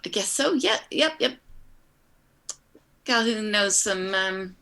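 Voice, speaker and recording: A woman's voice: mid-range voice, expressive, slow pace, gravelly, bright, forceful tone. A woman playing a tabletop game in character, improvising her answers tentatively. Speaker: player.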